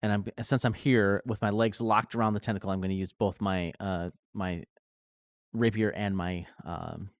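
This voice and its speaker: A man's voice: lowish voice, fairly even intonation, normal speed, no echo, clean studio sound. A man playing in a live tabletop game, asking questions hesitantly with many fillers. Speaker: player. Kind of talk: casual game talk.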